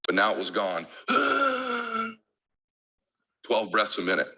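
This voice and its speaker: Forceful low-voiced man giving a speech. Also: fairly even intonation, quick pace, low-quality recording. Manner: emphatic, built on insistent repetition. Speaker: motivational speaker. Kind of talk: emotional keynote speech.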